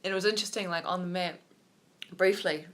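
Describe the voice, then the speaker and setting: A woman's voice: fairly low pitch, fairly even intonation, a little fast, a bit bright. A woman, a yoga teacher talking openly and reflectively in a personal vlog, wandering with many fillers.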